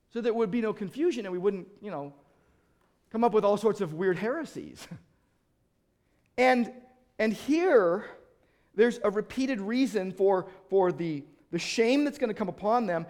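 A middle-aged male pastor preaching an animated sermon, acting out quoted voices and often restarting his sentences. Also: sits high, normal speed.

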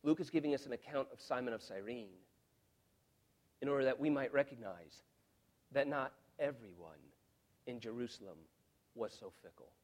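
A man's voice: medium pitch, moderate pace, pauses often, a little mellow. A man preaching an expository sermon in an earnest, emphatic way, often repeating words as he restarts. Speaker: pastor.

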